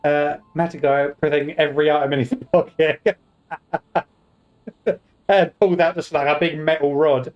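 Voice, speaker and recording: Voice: mid-range voice, steady tone, unhurried, muffled recording, faint music behind. A game streamer giving casual commentary while playing, joking and talking back to the characters.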